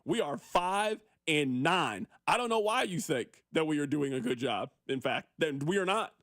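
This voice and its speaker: A sports radio host, a man, talks fast and animated as he riffs on listener texts. His voice sits high for a man. The studio sound is close and dry. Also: dry recording.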